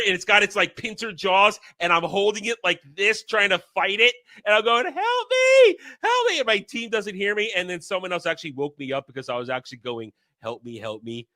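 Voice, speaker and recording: Very bright, dry-sounding animated man. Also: sits high, no echo. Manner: animated storyteller, stumbles over his words. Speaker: podcast panelist. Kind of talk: casual panel chat.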